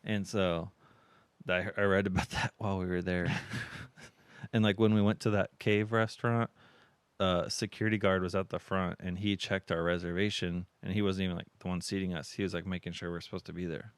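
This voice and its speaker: Podcast co-host, man, deep and smooth voice, rambling storyteller, dry close mic. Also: level tone, fairly quick, no echo. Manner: rambling storyteller, lots of fillers. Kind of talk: casual chat.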